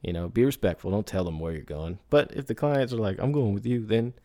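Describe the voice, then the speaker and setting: A man's voice: low voice, expressive, fairly quick, a little mellow, dry recording. A man hosting a podcast who talks casually, often asking "right?" and laughing as he goes. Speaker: podcast host. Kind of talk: casual solo podcast talk.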